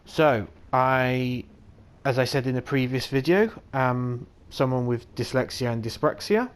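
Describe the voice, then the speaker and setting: A man's voice: mid-range voice, measured pace, clear, resonant tone. A man giving casual gameplay commentary in a hesitant, self-deprecating way with many fillers. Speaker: let's play gamer.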